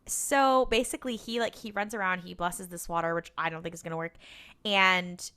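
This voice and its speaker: A woman's voice: on the low side, steady tone, moderate pace, bright, forceful tone, clean tone. A woman co-hosting a podcast, recapping an episode in a casual, rambling way, full of fillers and cursing. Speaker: podcast co-host.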